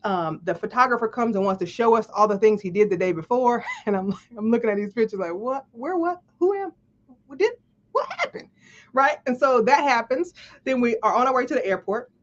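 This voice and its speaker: Through dull, lo-fi stream audio, a life coach speaks in a fairly high voice at a quick pace. She tells a story to a live audience with lots of animation, playing out the dialogue and laughing frequently.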